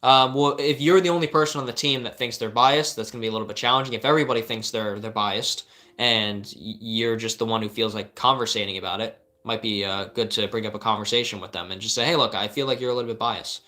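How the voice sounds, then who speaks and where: A man's voice: on the low side, fairly even intonation, quick pace, bright, forceful tone. Earnest rambling young man giving advice. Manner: earnest, rambling, with many restarts and fillers. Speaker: life coach answering live viewer questions. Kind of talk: casual live-stream advice.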